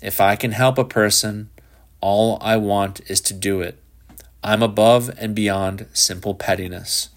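Self-righteous do-gooder father, insistent and preachy, low voice, read by a man. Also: steady tone, a little slow, natural voice. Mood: lecturing. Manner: earnest, insistent, slightly preachy.

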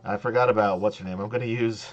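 Low-voiced laughing game master. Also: male voice, steady tone, fast talker, dull audio. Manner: loose and joking, laughs often. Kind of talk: running a tabletop game on stream.

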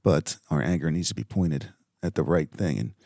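A middle-aged man hosting a reflective faith podcast, speaking earnestly and haltingly with many fillers. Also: very deep voice, lively intonation, creaky, mellow, no echo, clean studio sound. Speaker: podcast host.

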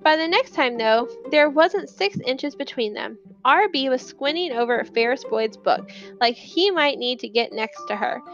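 A woman narrating a children's novel in a lively storytelling manner, putting on voices for the characters. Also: high voice, moderate pace, muffled recording, faint music behind. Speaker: audiobook narrator.

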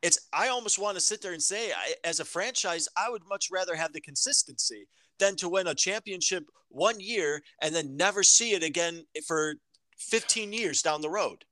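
A man's voice: high voice, lively intonation, sharp tone, no room sound. A man co-hosting a podcast, debating sports casually and often restarting his sentences as he thinks. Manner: halting, repeats his words while thinking. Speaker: podcast co-host.

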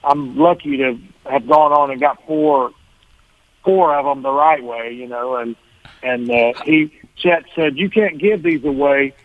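A man's voice: medium pitch, unhurried, dry recording. Man telling stories over a phone line. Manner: rambling, self-correcting, chuckling. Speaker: guest musician. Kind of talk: casual storytelling interview.

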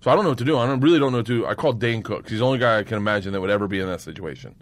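A man, a guest comedian, telling profane stage anecdotes and breaking into high bursts of laughter. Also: racing, dry recording. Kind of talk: storytelling anecdotes.

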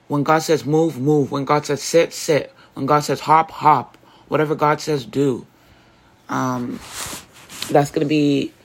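A woman hosting a faith podcast, talking in an earnest, rambling way and often correcting herself mid-sentence. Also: low-pitched. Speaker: podcast host.

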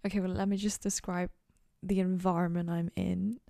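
A woman's voice: lowish voice, flat delivery, moderate pace, gravelly, warm tone, dry recording, studio quality. A young woman hosting a podcast, chatting casually and rambling in a goofy, self-mocking way from her dorm room. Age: young adult. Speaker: podcast host. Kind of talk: casual solo chat.

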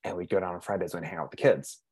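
A man's voice: sits low, fairly even intonation, rapid-fire, a little mellow, breathy edge. A man in his mid-thirties hosting a casual interview, joking about himself. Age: 30s. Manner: self-deprecating, joking. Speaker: podcast host.

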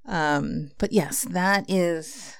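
Low, gravelly-voiced woman podcast host. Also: very slow, dry recording. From Filipino heritage. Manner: earnest and reflective, with frequent fillers. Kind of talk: reflective casual talk and poetry reading.

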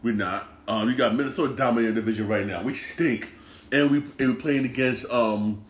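A man's voice: mid-range voice, a little fast, reverberant. A man hosting a sports podcast, ranting in a frustrated, repetitive way and stumbling over his words. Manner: frustrated, repetitive, stammering restarts. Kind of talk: casual sports rant.

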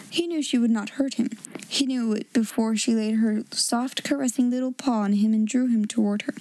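High-voiced woman reading a children's story. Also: low-quality recording. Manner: expressive, gently acted dialogue. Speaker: storyteller and host.

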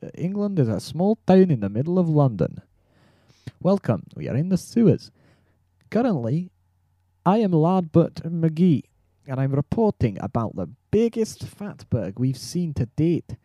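A man's voice: fairly high pitch, sing-song, a little slow, dark tone, no echo. A man voicing a bumbling male news reporter in the field, rambling in a mock-newsreader way for an improvised comedy sketch. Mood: mock-serious.

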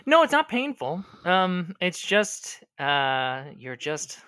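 Bright, crisp-voiced male game master. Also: high voice, big pitch swings, dry recording, studio quality. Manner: descriptive, unhurried with frequent ums. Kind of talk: narrating a tabletop game.

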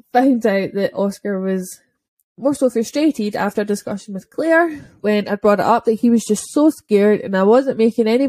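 A young Scottish woman, a dog trainer, chatting casually on a podcast and telling lively stories, acting out quick voices and swearing freely. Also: fairly high pitch, no echo. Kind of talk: casual chat.

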